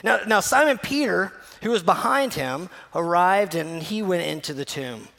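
A male pastor tells a scripture story in a casual, heartfelt sermon. His voice sits a bit high and has a noticeable gravelly fry. He often drops to a near hush for emphasis. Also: lively intonation, moderate pace. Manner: conversational, earnest storytelling, drops to a soft hush at key moments.

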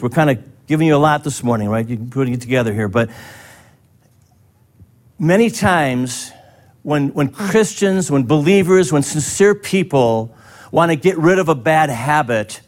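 A man's voice: mid-range voice, animated, normal speed. A man preaching a sermon as pastor, in a conversational way, acting out short bits of dialogue. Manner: conversational, acts out little dialogues.

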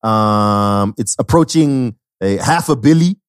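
A man's voice: lowish voice, a little fast, no echo, clean studio sound. A man co-hosting a podcast, wrapping up the episode with playful plugs and jokes. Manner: playful, lively, joking. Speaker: podcast co-host.

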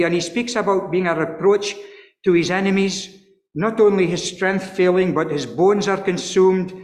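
Earnest man preacher, kinda high voice, lots of restarts, echoey church sound. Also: a little mellow. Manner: earnest, repeats words and restarts often; reads scripture slowly in old-fashioned wording. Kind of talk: expository sermon. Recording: echoey hall with long reverb.

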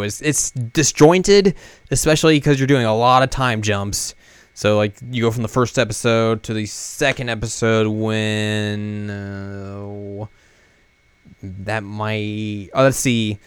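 A smooth, clear male voice sits a little low as he rambles through a casual review. He corrects himself often and leans on fillers, recorded close and dry. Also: no echo. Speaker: anime reviewer.

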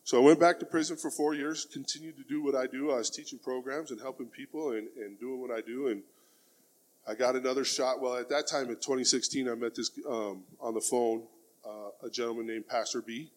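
A man's voice: mid-range voice, steady tone, brisk. Earnest middle-aged man giving testimony. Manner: heartfelt and plainspoken, often says "man". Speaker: speaker giving personal testimony.

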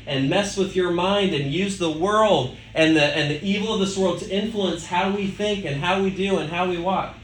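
A man's voice: sits high, a bit bright, a little hiss or hum. A male pastor preaching a sermon in a conversational way, asking the listeners rhetorical questions. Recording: echoey room with faint ambience.

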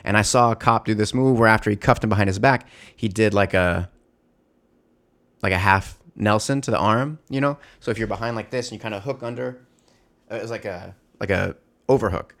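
A man telling a story in casual, animated talk, heavy on swearing, fillers and restarts. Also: lowish voice, fairly quick. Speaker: former store security guard.

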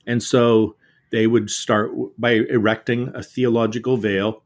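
A middle-aged author, appearing as a guest in a reflective conversation, speaks earnestly in a lowish, steady voice. He often halts and repeats words.

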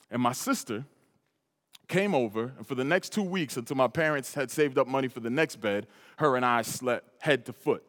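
A man's voice: mid-range voice, normal speed, fairly bright tone. Man preaching a story-driven sermon in a big hall. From New York. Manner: storytelling, repetitive emphatic phrases. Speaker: pastor. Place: church hall. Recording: reverberant hall.

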